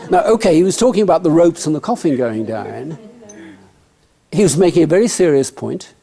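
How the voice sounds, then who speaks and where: A man speaks to a live audience about networking, joking and turning to them with questions. His voice sits a little high, with a mellow, relaxed tone. He sounds at ease in front of the room. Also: a little fast, creaky. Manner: humorous, conversational, addresses the audience directly. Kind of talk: motivational talk to an audience.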